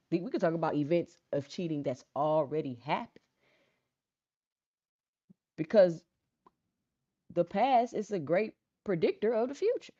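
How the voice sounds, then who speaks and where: A woman hosts a casual livestream, chatting with viewers and reading out their comments. She's calm and low-key, often repeating her phrases, and the recording sounds dry and dull, with a lo-fi quality.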